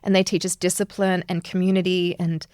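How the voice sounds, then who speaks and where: A woman's voice: on the low side, little pitch movement, fairly quick, darkish tone, clean tone, no room sound, studio quality. A woman from Australia, a yoga teacher talking earnestly and animatedly as a guest in a reflective interview, laughing often.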